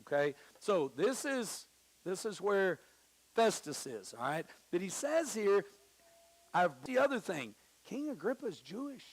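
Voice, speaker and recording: A man preaching a sermon in church, casual and conversational, acting out the people he quotes with big swings in pitch. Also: very animated, unhurried. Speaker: pastor. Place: church sanctuary.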